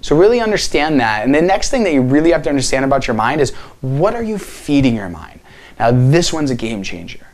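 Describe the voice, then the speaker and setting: A man's voice: mid-range voice, very animated, fairly quick, darkish tone. A man giving an earnest motivational talk to camera as a healing coach, speaking directly and asking many rhetorical questions.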